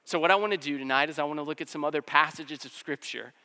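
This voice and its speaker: A man preaching a sermon in a relaxed, conversational way, filling his explanations with casual fillers. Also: fairly high pitch, quick pace. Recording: long hall reverb.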